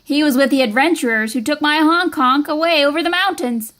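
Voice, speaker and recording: A woman voicing a gruff male hill troll in a storybook, speaking slowly and gruffly. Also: sits high, fairly bright tone.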